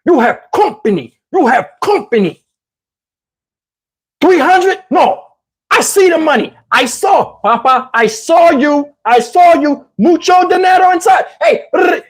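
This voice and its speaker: A man's voice: very high-pitched, big pitch swings, unhurried, darkish tone, slightly rough, full character voice. A man voicing a big worker with an accent, frantic and repeating himself. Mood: panicky, shouting.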